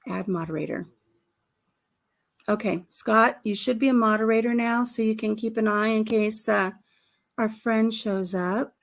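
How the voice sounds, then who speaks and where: A woman's voice: on the high side, steady tone, measured pace, gravelly. Woman, middle-aged, livestream host, chatty storyteller, casual talk. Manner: chatty storyteller reading live chat. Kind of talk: casual chat.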